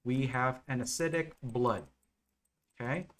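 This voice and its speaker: A man teaching nursing exam material on a live stream, explaining slowly and checking in with viewers often. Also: mid-range voice, a bit bright. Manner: slow, repetitive explaining with frequent okay and right checks.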